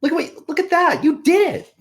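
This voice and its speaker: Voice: extremely high pitch, big pitch swings, fairly quick. A reader in a group readthrough who talks in a giggly, teasing way.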